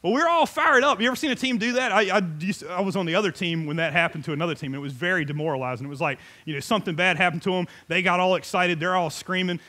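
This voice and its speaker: Middle-aged male pastor, high bright voice, lively joking sermon delivery. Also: rapid-fire, few pauses. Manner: animated, joking, conversational preaching with frequent laughs.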